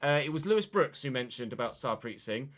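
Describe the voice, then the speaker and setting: A man giving casual, jokey let's-play commentary on his own football video game match, chatty and quick to get excited. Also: medium pitch. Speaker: gaming YouTuber.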